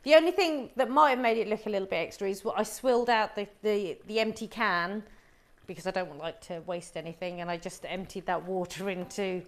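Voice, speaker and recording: A woman's voice: mid-range voice, a little fast. A middle-aged woman from Wolverhampton, England, hosting a live cooking show and chatting to viewers as she explains each step.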